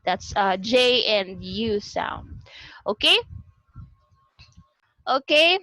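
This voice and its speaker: A woman with a Filipino accent presenting a lesson on a video call, explaining slowly and repeating herself as she goes. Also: medium pitch, lively intonation, pushed and bright, no room sound, poor audio. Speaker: student presenter in a class discussion. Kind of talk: online class presentation. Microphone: computer or headset mic on a video call.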